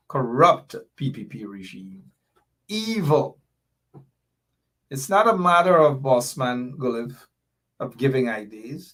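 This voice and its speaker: A middle-aged man with a Guyanese accent hosting a political commentary livestream, impassioned and reading viewer comments aloud. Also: medium pitch. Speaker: show host.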